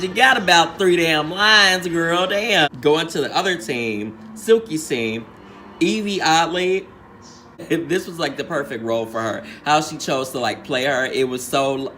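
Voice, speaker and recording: A man's voice: on the high side, lively intonation, a little slow, sharp tone, a little hiss or hum. Sassy man dishing drag-slang recap. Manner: acts out quotes in changed voices. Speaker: reality show recap host. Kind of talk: casual recap commentary.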